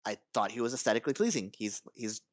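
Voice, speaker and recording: A man co-hosts a relaxed podcast chat, thinking aloud in halting bursts with plenty of fillers and restarts. He swears casually. His voice sits at an ordinary pitch and sounds very dry and close to the mic. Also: dry recording. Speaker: podcast co-host.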